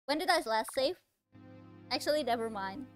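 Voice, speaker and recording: With faint music behind her, a woman provides live gameplay commentary while streaming, chatting playfully to herself with exclamations of pretend outrage. She has a high, animated voice at a normal pace.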